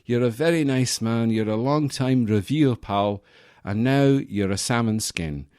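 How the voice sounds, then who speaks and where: A man's voice: medium pitch, measured pace, a little mellow, smooth, dry recording, clean studio sound. A young man hosting a casual solo podcast from his apartment, rambling and joking with lots of self-correcting asides. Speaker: podcast host.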